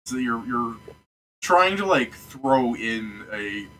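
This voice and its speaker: A man's voice: medium pitch, lively intonation, takes it slowly, fairly bright tone, slight background noise, low-quality recording. A man running a tabletop game as game master, talking casually and rambling with frequent laughs.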